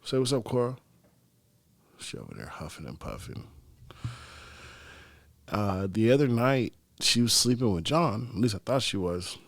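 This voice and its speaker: A man's voice: on the low side, big pitch swings, moderate pace, gravelly, long pauses, no echo. A young man, hosting his own podcast and rambling through stories in a loose, profane, offhand way. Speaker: podcast host. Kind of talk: casual solo podcast chat.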